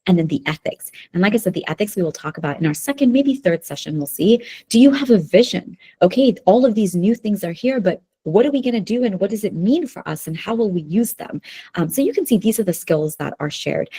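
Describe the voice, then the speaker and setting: A woman's voice: medium pitch, animated, brisk, warm tone, breathy edge. A woman presenting a live webinar workshop who keeps checking in with her listeners with "okay?" and "right?". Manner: talks to the audience with frequent "okay?" and "right?" checks. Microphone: video call.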